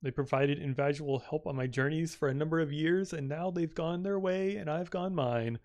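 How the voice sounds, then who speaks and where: A man reading out the lines of a polite, formal female explorer from a game's text, in a plain, quiet voice. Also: moderate pace, lightly acted. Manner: reads game text aloud in a plain, low-key voice. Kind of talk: reading game dialogue aloud.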